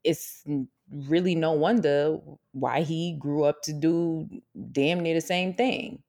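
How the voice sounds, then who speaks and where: Woman, young adult, podcast co-host, low pitch, casual chat, frequent laughter. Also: takes it slowly. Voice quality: laughs often, animated storytelling.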